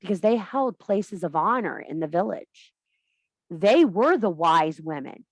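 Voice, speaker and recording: A woman's voice: fairly low pitch, animated, a little slow, dry recording. A woman giving an impassioned, blunt and profane talk to a women's circle as a spiritual teacher. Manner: blunt, profane, emphatic preaching.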